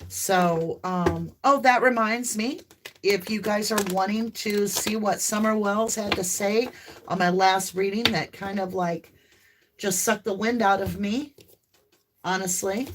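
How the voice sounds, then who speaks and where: A talkative woman with a light Southern US accent hosts a live tarot stream, rambling easily and laughing often. Her voice sits at a middle pitch, and she breaks into loud whoops. A faint hiss and some clicks sit behind her. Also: unhurried. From American South. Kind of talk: casual live-stream chat.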